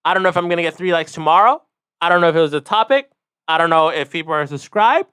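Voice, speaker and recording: Brief: twenties guy from Mexico, quick rambling podcast rant, bright and fairly high voice. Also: smooth, no echo, studio quality. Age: 20s. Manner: fast, rambling and animated, with frequent asides. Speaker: podcast host. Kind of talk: casual solo rant.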